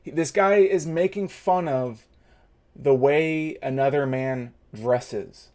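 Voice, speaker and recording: A man's voice: on the high side, takes it slowly, darkish tone. A man in his thirties hosting a reaction video, ranting in a heated, mocking way. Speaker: host. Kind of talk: reaction commentary.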